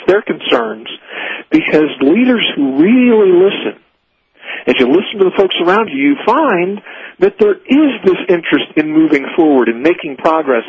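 Husky earnest man on talk radio. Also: a little high, no echo. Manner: earnest, teaching in numbered points. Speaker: leadership speaker guest. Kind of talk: radio talk show monologue. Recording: muffled dry radio broadcast audio.

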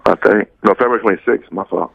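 A man's voice: fairly low pitch, fast, vocal fry, slightly rough, no echo. Slangy male coach on a phone line. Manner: teasing, slangy banter. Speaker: football coach and co-host. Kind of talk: casual sports radio chat.

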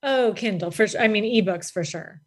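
A woman's voice: medium pitch, a little fast. A woman author as a guest in a casual interview, telling chatty anecdotes.

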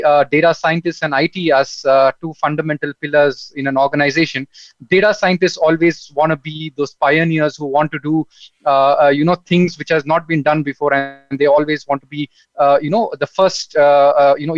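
A man's voice: fairly high pitch, fairly even intonation, a little fast, dry recording, highs cut off. A man speaking as a panel guest in a casual online discussion, hesitant and full of fillers.

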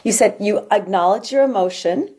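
Husky, mellow-voiced woman guest. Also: medium pitch, moderate pace. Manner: encouraging, emphatic. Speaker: guest speaker, coach. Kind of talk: casual conversational interview.

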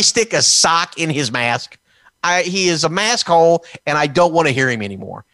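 A man's voice: a little high, expressive, normal speed, sharp tone, no room sound. Combative, sarcastic man from Texas. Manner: combative and sarcastic, mocking officials in put-on quotes. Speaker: political commentator. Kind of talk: heated political talk.

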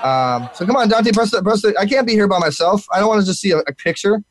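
A man hosting a live internet talk show, energetic and full of fillers and repeated words, while sick. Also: sits high, fast, no room sound.

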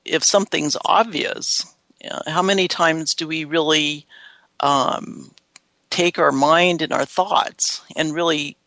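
A woman's voice: deep voice, fairly even intonation, slow pace, a bit bright, no room sound. A woman co-hosting a reflective talk show, speaking thoughtfully with frequent hesitations and restarts. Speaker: podcast co-host. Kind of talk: reflective casual chat.

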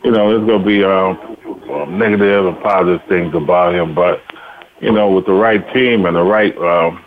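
Man, low voice, rambling, filler-heavy, casual football chat, phone line, faint hiss. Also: moderate pace. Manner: rambling, many "you know" fillers, restarts. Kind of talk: casual sports talk.

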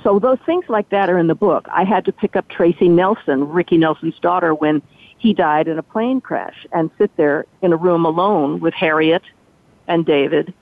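A woman's voice: fairly low pitch, moderate pace. Older woman telling stories over a tinny phone line. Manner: animated storyteller who acts out quoted speech. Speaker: guest, former entertainment reporter. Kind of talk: storytelling interview.

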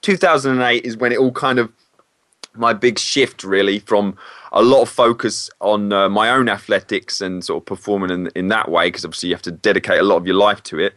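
A man speaks in a fairly low voice in a relaxed interview. He is candid and often halting as he corrects himself mid-sentence. The sound is dry and close. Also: dry recording. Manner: candid, hesitant, self-correcting. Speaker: guest, former PE teacher. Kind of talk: casual interview.

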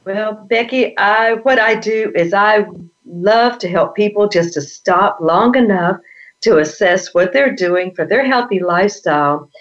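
A woman with a Southern US accent, a health coach being interviewed, warm and effusive. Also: medium pitch. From Charlotte, North Carolina. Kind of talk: interview answers. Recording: dull lo-fi audio.

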